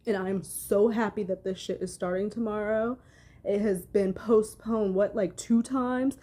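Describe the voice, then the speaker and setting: A woman vents to her audience in a furious, profanity-laced commentary. Her voice is mellow and warm, even while she hammers each point with heavy emphasis. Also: mid-range voice, a little slow. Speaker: commentary vlogger. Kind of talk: heated commentary rant.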